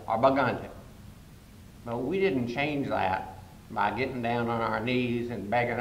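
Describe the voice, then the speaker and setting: An older man giving a humorous, storytelling speech as a guest speaker at a conference, with sudden loud jumps in his delivery. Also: fairly even intonation, a little slow, long pauses. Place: conference hall. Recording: echoey hall with faint rumble.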